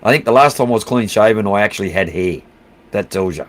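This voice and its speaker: A man's voice: fairly low pitch, lively intonation, fast talker. Blunt Australian man chatting with viewers. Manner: blunt, swears freely, calls everyone mate. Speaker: livestream host. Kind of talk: casual chat reading out viewer comments.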